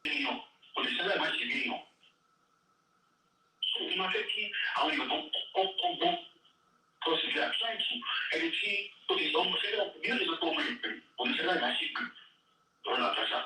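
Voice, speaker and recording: A man with a Nigerian accent giving animated, emphatic answers in an interview. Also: high-pitched, very fast, pauses often, slight background noise. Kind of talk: interview answers mixing Yoruba and English. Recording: echoey room from far off.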